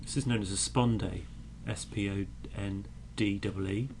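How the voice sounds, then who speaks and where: A man's voice: on the low side, steady tone, measured pace, background noise. A man teaching a recorded poetry lesson, patiently explaining meter and beating out the stresses aloud.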